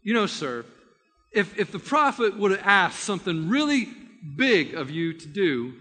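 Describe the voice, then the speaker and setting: A man voicing a young servant gently reasoning with his angry master. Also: sits high, big pitch swings, a little slow, husky, long reverb tail, full character voice. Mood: coaxing. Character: timid but brave young male servant.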